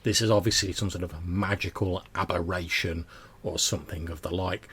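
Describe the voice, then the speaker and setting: A man's voice: low-pitched, fairly even intonation, normal speed, fairly bright tone, slightly rough. A man narrating a tabletop game as game master, with a loose manner full of "like"s. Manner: loose, filler-heavy narration with many "like"s.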